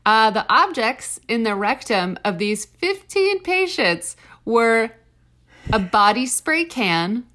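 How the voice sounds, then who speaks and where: Woman co-host, slightly high, slow playful delivery, wry. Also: sing-song, sharp tone. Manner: playful, drawn-out wry reading with laughs. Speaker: podcast co-host. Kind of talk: casual chat.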